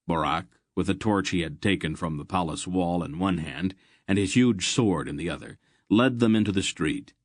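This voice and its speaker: A man reading a fantasy audiobook in a measured, steady narration. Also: sits low, dry recording, clean studio sound.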